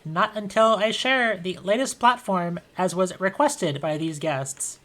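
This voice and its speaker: A woman game master voicing a pompous propaganda robot advisor that makes slow, formal proclamations. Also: on the low side, fairly bright tone.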